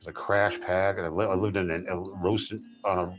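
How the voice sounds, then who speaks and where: A man's voice: low voice, little pitch movement, moderate pace, music in the background. A middle-aged man chatting casually with viewers as a streamer, telling jokey stories with frequent restarts and self-corrections. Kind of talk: casual rambling chat.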